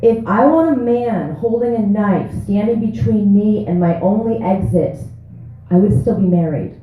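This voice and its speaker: This stand-up comic, a woman in her thirties, delivers a brash set full of profanity at an open mic in a small comedy club. She speaks at medium pitch and normal speed with lively intonation, recorded in an echoey room on what sounds like a tinny phone.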